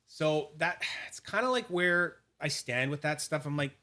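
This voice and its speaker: A man's voice: fairly high pitch, lively intonation, pushed and bright. A man hosting a casual livestream, rambling and cursing while he demonstrates polishing and reads viewers' names from the chat. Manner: frequent restarts and fillers, quick asides. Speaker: fidget collector channel host.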